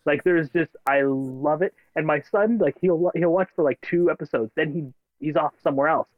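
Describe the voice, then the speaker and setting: A man who is a father, co-hosting a podcast and telling stories in an animated way, laughing as he talks. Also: fairly high pitch, a little fast, no echo, narrow, tinny audio. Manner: animated storyteller, laughs while talking. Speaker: podcast co-host. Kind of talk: casual chat.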